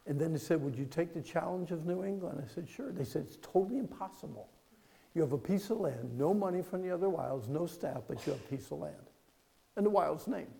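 A preacher in his fifties tells a story from the pulpit, his voice gravelly and a touch high for a man. He drops to a hush, then builds to loud, emphatic peaks. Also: lively intonation, brisk, low-quality recording. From Pennsylvania. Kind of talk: sermon with personal story.

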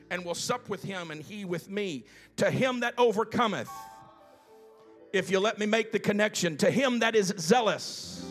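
Male preacher, high-pitched, slow deliberate scripture reading, swells to fervent loud exhortation, faint music underneath. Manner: reads scripture slowly with drawn-out emphasis. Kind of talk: sermon. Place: church sanctuary.

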